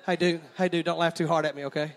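A man's voice: on the high side, level tone, quick pace. A man preaching a sermon, folksy and joking as he calls out to the crowd.

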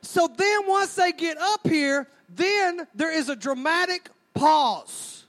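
Male stand-up, very high pitch, animated storyteller. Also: slow. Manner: animated, mimics sounds and crowds. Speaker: stand-up comedian.

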